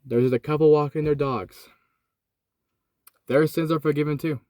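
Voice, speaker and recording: A young man recording in his van, casually retelling a Bible story, swinging from excited to hushed and solemn. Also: on the high side, moderate pace, no echo, clean studio sound. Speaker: host. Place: inside a van.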